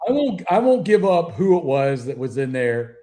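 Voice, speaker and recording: A man's voice: fairly high pitch, sing-song, normal speed, dark tone. A middle-aged man, a retired police officer telling profane anecdotes as a guest on a call-in interview. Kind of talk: casual storytelling interview.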